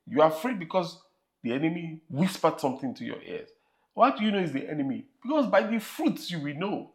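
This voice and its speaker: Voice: medium pitch, very animated, fairly quick. A preacher with a Nigerian accent delivering an emphatic sermon and repeating phrases for emphasis.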